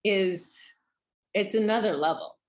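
A woman's voice: mid-range voice, takes it slowly. A woman guest in an interview, talking thoughtfully about her work as an actor. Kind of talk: conversational interview.

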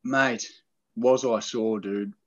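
Middle-aged man, low husky voice, animated storyteller, muffled recording. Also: slow. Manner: animated, excited storyteller, acts out quoted lines. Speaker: podcast guest telling a hunting story. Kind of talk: casual storytelling chat.

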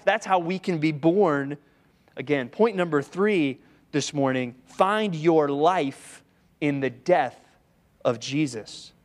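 Conversational male pastor preaching. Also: on the high side. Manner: conversational, rhetorical questions, acts out voices. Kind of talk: sermon. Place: church with seated congregation.

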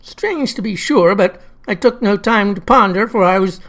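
A woman's voice: mid-range voice, normal speed. A woman tells a comic first-person story in a folksy, old-fashioned way. Her phrasing is drawling and down-home. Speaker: narrator.

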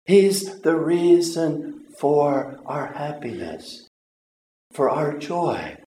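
A man preaching a sermon in a slow, deliberate way, often stumbling over his words and stopping to pause. His voice sits a little high for a man. It rings out in a roomy, echoing space. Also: big pitch swings, dark tone. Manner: earnest, halting, with repeated words and long pauses. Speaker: pastor. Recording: roomy echo.

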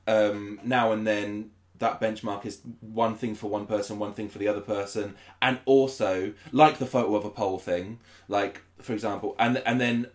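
Male host, casual, animated storyteller, acts out his own quotes. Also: on the low side, normal speed, few pauses. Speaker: podcast host, battle rapper. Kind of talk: casual chat.

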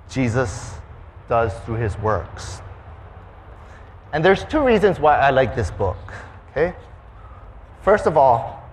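There's slight background noise as a pastor with a mid-range voice preaches. His sermon features an animated story full of acted-out sound effects and quoted voices.

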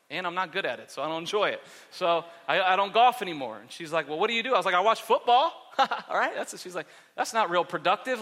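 A man's voice: sits high, pushed and bright. A man in his thirties preaching a sermon as a pastor, telling jokey stories in a chatty way. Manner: joking, conversational storytelling. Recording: long hall reverb.

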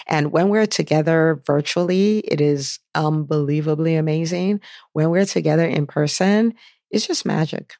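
A woman's voice: low-pitched, gravelly, darkish tone, no room sound, clean studio sound. A woman hosting her own podcast, telling a story with enthusiasm and asking repeated questions. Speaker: podcast host and physician business coach. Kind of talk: solo podcast monologue.

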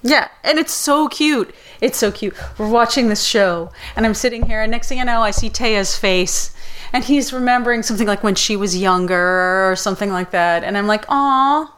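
A woman's voice: mid-range voice, moderate pace, fairly bright tone, smooth. A woman co-hosting a casual TV-review chat, chatty and narrating what she does on screen. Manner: chatty, narrates her screen searching aloud. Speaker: podcast co-host.

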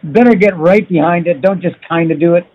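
An enthusiastic male podcast host encourages his guest and leans hard on key words. His voice is fairly high and husky. The recording has a dull, lo-fi sound. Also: fairly quick. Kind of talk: casual podcast interview.

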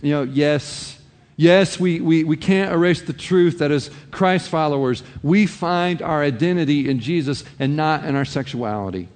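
Male pastor, slightly higher voice, sermon in a big reverberant hall, chatty asides. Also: moderate pace, darkish tone. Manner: conversational preaching with many "you know" asides.

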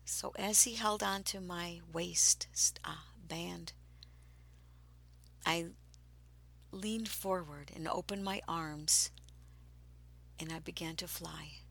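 A woman tells a personal story at a slow pace, her voice breathy and sometimes falling to a whisper before turning animated and excited. Her pitch is on the low side.

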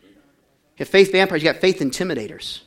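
A man preaching a lively sermon in a high voice. He drops to near a murmur and then climbs to full shouts. He keeps calling on the congregation to answer back. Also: moderate pace. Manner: swings from quiet to shouting, call-and-response. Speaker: pastor.

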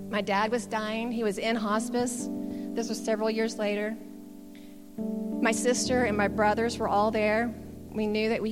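A middle-aged woman, giving an earnest, candid testimony sermon. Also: mid-range voice. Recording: long hall reverb with guitar music. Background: soft guitar music.

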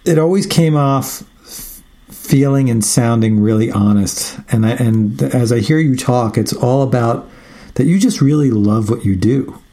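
A man hosting a radio interview with a mellow, darker tone and a middle-range pitch. He mostly listens, cutting in with short affirmations, then asks thoughtful questions. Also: unhurried. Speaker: radio show host.

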